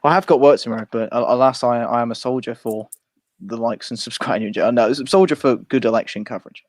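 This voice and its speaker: A young man, hosting a casual live stream and reading comments aloud in a quick, wry way. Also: medium pitch, no echo, studio quality.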